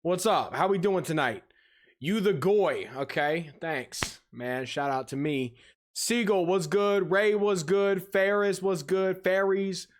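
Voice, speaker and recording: A male host reacting to videos on a livestream speaks slowly in a somewhat high voice, chatting casually with his audience. Animated and teasing, he laughs often, and his pitch springs upward as he greets viewers.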